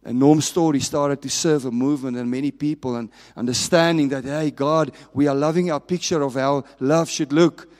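A man preaching a sermon as a pastor, telling stories with passion and dropping from raised to hushed. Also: fairly high pitch, fairly even intonation, normal speed, few pauses. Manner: impassioned storytelling, swinging from raised to hushed. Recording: long reverb of a large hall.

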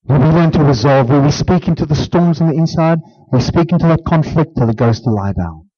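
A man preaching a sermon as pastor, swinging from emphatic declarations down to hushed near-whispers. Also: on the high side, expressive, brisk, slightly rough, muffled recording.

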